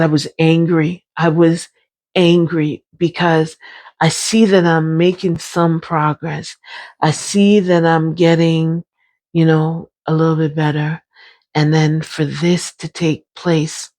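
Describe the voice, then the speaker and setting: Slow, low-voiced woman. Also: a little mellow. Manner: candid, unhurried and emphatic, with repeated phrases. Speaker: brain injury survivor sharing her experience. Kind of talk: personal vlog talk.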